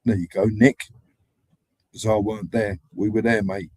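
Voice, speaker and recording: A man hosting a live stream, telling rambling, animated anecdotes in casual street slang. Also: fairly low pitch, moderate pace, slightly rough, dry recording. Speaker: livestream host. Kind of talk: casual livestream storytelling.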